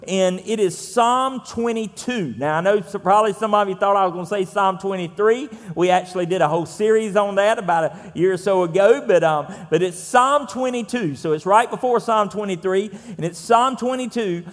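A Southern US man preaching a sermon in a relaxed, folksy, conversational way, often pausing on fillers. His voice sits high for a man, and a long reverb from a large church room trails every phrase. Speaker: pastor.

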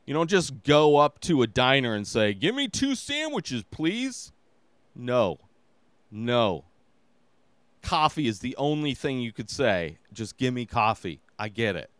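A man's voice: mid-range voice, expressive, measured pace, clean tone, no room sound. A man hosting his own podcast, giving a casual movie review in a rambling, exasperated way with lots of filler words. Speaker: podcast host.

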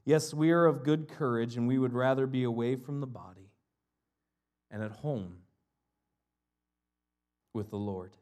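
A man from Ohio preaching a sermon, mixing jokey, animated asides with earnest, quieter scripture reflection. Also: mid-range voice, measured pace, pauses often. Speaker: pastor.

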